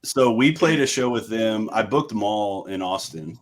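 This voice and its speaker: A man's voice: on the low side, lively intonation, measured pace. A young man from the United States, a metal band frontman, telling stories in a casual, laid-back way, swearing freely and acting out what others said. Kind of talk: casual storytelling chat.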